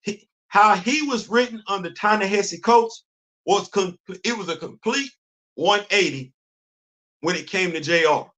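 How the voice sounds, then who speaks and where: A man hosting a show, talking in a casual, animated monologue and acting out imagined conversations in informal African American Vernacular English. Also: sits high, measured pace. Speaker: host.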